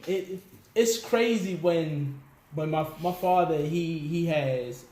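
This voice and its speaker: A man telling stories as a guest in a casual interview, animated, laughing often and acting out what people said. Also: a little high, takes it slowly. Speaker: musician guest. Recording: echoey room with faint background noise.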